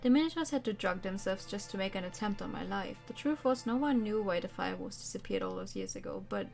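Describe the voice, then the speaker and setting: A woman's voice: medium pitch, fast talker, gravelly, darkish tone. A woman streamer reading a game's story text aloud with dramatic delivery and casual asides. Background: faint background music.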